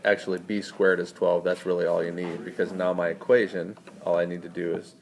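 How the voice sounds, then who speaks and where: A man's voice: deep voice, little pitch movement, a little fast, crowd noise. A man tutoring math in a screencast lesson, walking students through each step and quizzing them as he goes.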